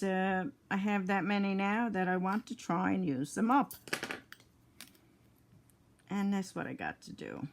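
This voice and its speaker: An older woman talks her viewers through a craft project at home. She speaks slowly and a little low, sounding tired between yawns. Her talk is chatty and rambling, and she is picked up by a phone camera. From Newfoundland, Canada. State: tired, yawning. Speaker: crafting vlogger. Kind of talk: casual chat while crafting.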